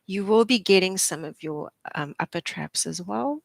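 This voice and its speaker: A woman's voice: mid-range voice, animated, normal speed, creaky, no echo. A young adult woman, a physiotherapist, leading a live posture class with encouraging, chatty cues and frequent laughs. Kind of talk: live exercise class instruction.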